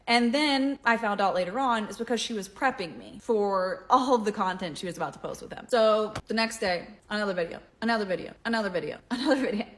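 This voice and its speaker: A woman's voice: mid-range voice, fairly quick, a bit bright. A young woman telling her own story in a casual, exasperated vent, filling her talk with "like". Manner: exasperated, heavy use of "like".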